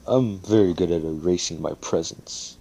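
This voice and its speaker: A man voicing a sleepy, gruff male teacher in a fan-made story, dry and matter-of-fact. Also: low-pitched, moderate pace, dark tone, exaggerated voice.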